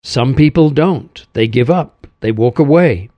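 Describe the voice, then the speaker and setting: A man preaching an earnest sermon, speaking directly to the listener and letting his voice sink low and soft at the ends of phrases. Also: animated, measured pace, dry recording. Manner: earnest, addresses listener as "my friend". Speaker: regular host of a recorded devotional.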